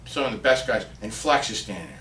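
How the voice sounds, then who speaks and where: A man with a mid-range voice and quick pace tells a lively story as a podcast guest in casual chat, throwing himself into the quotes he acts out. The recording is roomy and distant with a faint hiss, as if he's set back from the mic.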